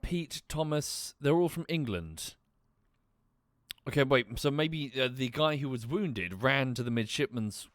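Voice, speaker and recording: A man's voice: medium pitch, expressive, unhurried, a bit bright, dry recording, clean studio sound. A man streaming a mystery game, casually thinking aloud, muttering and swearing now and then. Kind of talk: casual gameplay commentary.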